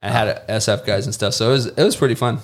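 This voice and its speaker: Talking fast in a fairly low voice, this ex-Marine and contractor is a podcast guest telling stories casually. He brings them to life by voicing quotes loudly and animatedly.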